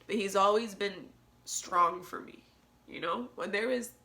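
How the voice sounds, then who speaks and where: Young female podcast host, bright tone, earnest and preachy, laughs a lot. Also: mid-range voice, measured pace. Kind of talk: candid solo podcast talk.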